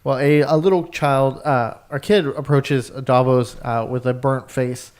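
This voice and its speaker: A man in casual podcast talk with friends, at a middle pitch. He rambles, searches for words, and swears often. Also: steady tone, a little slow, a little mellow, clean tone. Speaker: podcast co-host. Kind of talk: casual recap chat.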